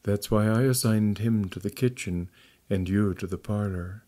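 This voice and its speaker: A man reading the lines of a stern elderly guru, speaking calmly and gravely. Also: fairly low pitch, moderate pace, natural voice.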